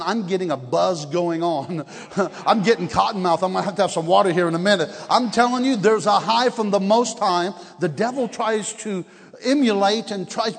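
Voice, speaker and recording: A man preaching as an evangelist at a church service, energetic and laughing often, swinging between shouts and hushed tones. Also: high-pitched, gravelly, breathy edge. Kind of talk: revival sermon. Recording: long hall reverb.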